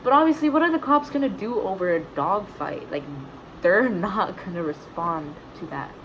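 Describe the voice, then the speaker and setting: A woman's voice: on the low side, animated, moderate pace, noisy background. A young woman vlogger casually retelling a story, chatty and indignant, full of "like"s.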